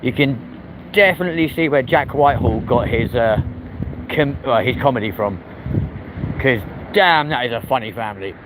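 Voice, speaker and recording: A man's voice: medium pitch, expressive, normal speed. A man with a London accent chatting in a rambling, cheeky way as he hosts a live stream while walking outdoors on a city street. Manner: chatty, rambling and cheeky, answers viewer comments. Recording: wind and street noise on the mic. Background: traffic and wind.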